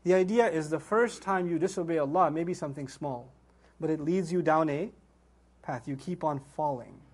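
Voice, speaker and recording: Man, high voice, animated storytelling, religious talk. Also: normal speed. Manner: animated storytelling, rhetorical questions. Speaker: Islamic speaker.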